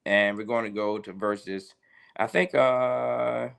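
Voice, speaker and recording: A man's voice: on the low side, fairly even intonation, takes it slowly, creaky, a bit bright, clear, resonant tone. A man, a pastor, giving a casual livestream devotional. He greets viewers by name between points and repeats key lines for emphasis.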